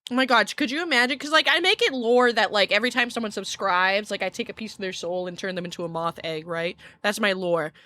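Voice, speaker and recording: A woman's voice: medium pitch, fast, hardly any pauses, pushed and bright, no room sound. A woman from Scotland chatting casually with viewers on a livestream, giggly and rambling, often cutting herself off mid-sentence. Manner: giggly, rambling, self-interrupting. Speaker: virtual streamer.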